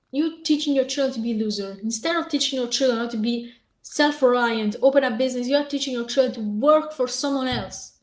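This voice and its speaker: High-pitched woman ranting angrily. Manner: heated, profane, ranting while reading aloud. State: hoarse. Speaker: vlogger. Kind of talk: angry reaction rant.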